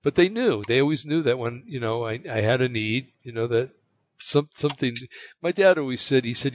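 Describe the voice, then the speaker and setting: A man from the United States telling a personal story in casual chat, rambling and halting, with many fillers and restarts. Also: mid-range voice, animated, dry recording. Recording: dull lo-fi, dry sound.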